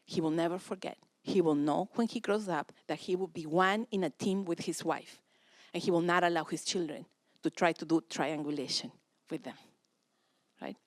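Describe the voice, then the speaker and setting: A woman's voice: fairly low pitch, moderate pace, no room sound, clean studio sound. A woman giving a practical, direct parenting talk at a church seminar. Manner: direct, practical, acts out family dialogue. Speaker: speaker at a parenting session.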